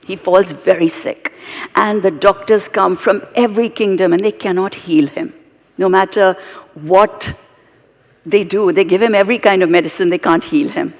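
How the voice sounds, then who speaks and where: A British woman storyteller on stage, animated and expressive, her voice carrying some gravelly fry. She is heard through a long hall reverb. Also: mid-range voice, normal speed. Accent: British English. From Britain, of Indian heritage. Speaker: storyteller and guest speaker. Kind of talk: live onstage storytelling conversation.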